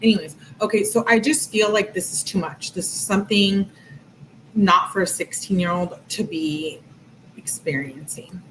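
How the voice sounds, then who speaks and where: A woman's voice: medium pitch, normal speed, fairly bright tone, slight background noise, poor audio. A woman giving casual true-crime commentary, talking bluntly and candidly to her viewers in slangy asides. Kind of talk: casual commentary reading text messages.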